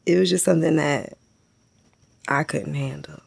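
A woman telling stories in casual chat, animated, laughing often and acting out what people said. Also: sits low, moderate pace, vocal fry, husky. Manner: animated storyteller, laughs a lot, acts out quotes.

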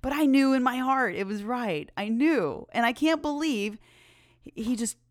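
A woman podcast host telling a personal story in a chatty, animated way, laughing often. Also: a little high, measured pace, no room sound, studio quality.

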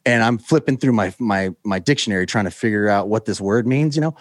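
An American man, appearing as a guest, tells a long story in a fairly quick, lowish voice, animatedly acting out the voices of the people involved. He rambles with plenty of fillers in this casual storytelling. The audio is studio quality with no echo.

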